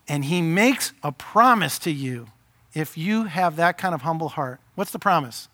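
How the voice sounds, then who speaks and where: A male pastor delivers a sermon with impassioned urgency, his voice rising to emphatic peaks. His tone sits high and bright, with a sharp forward edge. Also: animated, normal speed.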